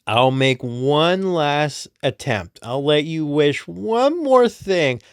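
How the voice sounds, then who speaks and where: A man voicing a playful trickster witch woman in a raised, sing-song voice with drawn-out phrasing. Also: on the high side, dry recording, studio quality. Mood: coaxing, insistent.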